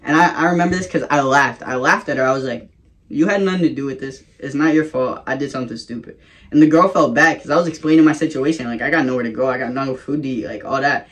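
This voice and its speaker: A man's voice: mid-range voice, fast, a bit bright. A young man telling a rambling, profane storytime about his past in a casual vlog. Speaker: vlogger.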